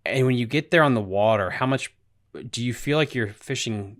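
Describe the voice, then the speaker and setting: A man's voice: mid-range voice, normal speed, a bit bright. A man hosting a podcast, asking enthusiastic follow-up questions in a casual chat. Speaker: podcast host.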